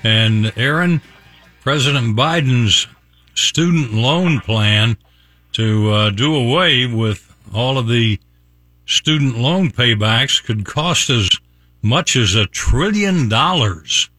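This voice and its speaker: A man's voice: medium pitch, expressive, slow pace, sharp tone, no echo, clean studio sound, faint music behind. A man hosting a morning radio show in a friendly, conversational way.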